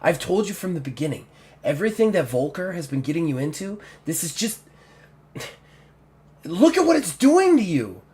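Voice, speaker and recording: A man voicing the soft-spoken wife of an orc warlord, pleading with him. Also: fairly high pitch, expressive, fast, pitched above the performer's own voice, lightly acted. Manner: softer, pleading.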